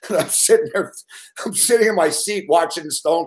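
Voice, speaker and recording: A man's voice: a little high, moderate pace. A man telling a rambling story in casual chat, swearing constantly and acting out growls and laughs. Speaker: show regular telling a story.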